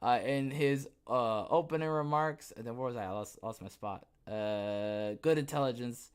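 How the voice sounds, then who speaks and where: A man's voice: medium pitch, moderate pace, clean tone. A young man hosts a podcast and talks through news items in a casual, mid-range voice. He reads a line, then breaks off into sarcastic remarks. He stumbles over his words, restarts and fills the gaps with "uh" and "um". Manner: sarcastic asides, frequent fillers and restarts. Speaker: podcast host. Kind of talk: casual commentary reading news aloud.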